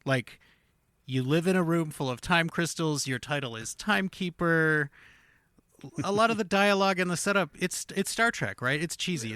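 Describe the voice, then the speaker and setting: A man's voice: on the high side, sharp tone, dry recording. A man co-hosting a podcast in casual chat, talking with enthusiasm and lots of "like". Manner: enthusiastic, fond of hedging "like". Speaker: podcast co-host.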